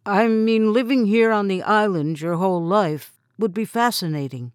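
A woman's voice: medium pitch, normal speed, clear, resonant tone, no room sound, lightly acted. A courteous young stranger , read by a woman, offers his catch in an easygoing tone. He sounds close to the reader's own voice. The recording is dry and near. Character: polite young male fisherman, smooth stranger.

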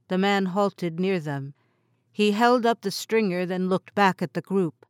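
A woman reads a novel aloud in steady, clear narration. Her pitch sits in the middle of the range. The recording is close and dry. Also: a little slow, no room sound. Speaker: audiobook narrator. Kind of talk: scripted narration.

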